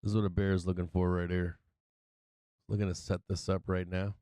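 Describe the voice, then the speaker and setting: A man's voice: deep voice, fairly quick, no echo. A tired man hosting a stock market livestream, talking casually with lots of swearing and laughter as he comments on charts. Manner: profane, excitable, laughs often. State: tired from no sleep.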